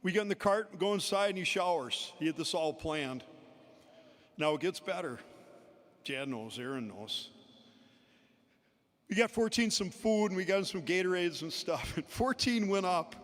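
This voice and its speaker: A man's voice: sits high, animated, normal speed, long pauses, a bit bright. A man giving a storytelling eulogy at a memorial service, chuckling between anecdotes. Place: large indoor pavilion. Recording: long hall reverb in a large venue.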